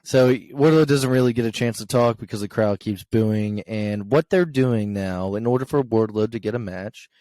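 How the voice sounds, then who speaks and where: A man's voice: fairly low pitch, normal speed, hardly any pauses, mellow, no echo. A young man co-hosting a podcast in casual chat, recapping events in a rambling way with fillers. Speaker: podcast co-host.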